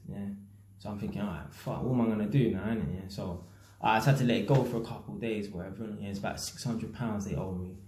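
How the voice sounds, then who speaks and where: A man's voice: medium pitch, darkish tone, echoey room. A man with a London accent telling a story in a casual rant, full of slang and swearing, often tagging "yeah?" and "innit". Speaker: vlogger, builder and landlord.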